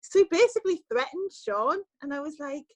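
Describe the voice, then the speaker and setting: A woman's voice: sits high, a little fast, dry recording, low-quality recording. A woman, a journalist guest on a podcast, telling an anecdote in casual chat and acting out the lines people said. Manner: lively storytelling, acts out quoted lines.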